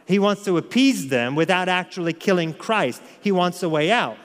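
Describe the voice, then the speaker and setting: Male preacher with a fairly high voice in a reverberant hall. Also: expressive, normal speed. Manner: emphatic, rhetorical questions. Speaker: pastor. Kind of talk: expository sermon.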